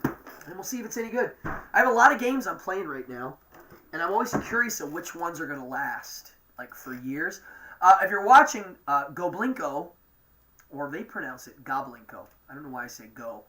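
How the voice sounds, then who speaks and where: A man's voice: a little high, sing-song, a little fast, bright, forceful tone. A man with an East Coast accent hosting a livestream show, chatting in a rambling, enthusiastic way. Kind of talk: casual livestream chat.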